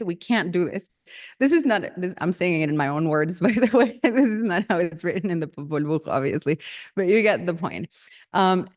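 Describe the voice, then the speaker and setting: A woman's voice: mid-range voice, a little mellow. A woman casually retells an old myth in her own words, chatty and full of fillers. The recording sounds dull and lo-fi. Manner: chatty, many fillers, laughs often. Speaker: storyteller.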